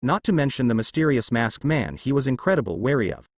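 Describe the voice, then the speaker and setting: Lively male storyteller reading fan fiction. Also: mid-range voice, quick pace, no room sound. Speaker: narrator.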